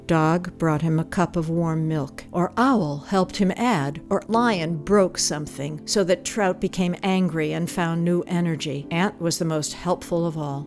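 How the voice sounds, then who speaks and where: A woman reads a children's storybook aloud with enthusiasm and expression. Her voice sits on the lower side. Soft music plays faintly underneath.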